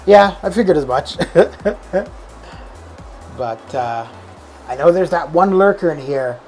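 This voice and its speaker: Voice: mid-range voice, animated, slow, a little mellow, low-quality recording. A game streamer chatting casually with viewers in a live stream, rambling with lots of restarts and fillers, over faint background music.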